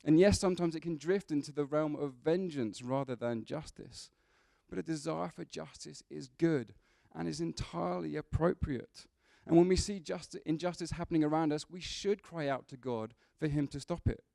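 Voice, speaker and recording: Speaking at a normal pace with barely a pause, a preacher addresses his congregation in an easygoing sermon peppered with humor. His voice is warm and gravelly, pitched slightly above the typical male range. The recording is close and dry, with no echo.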